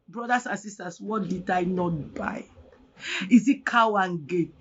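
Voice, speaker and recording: A woman from Cameroon with a Cameroonian English accent, giving an emotional personal testimony in a dramatic, animated way, often near tears. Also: mid-range voice, moderate pace, husky. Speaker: guest telling her story. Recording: dull lo-fi audio with faint music.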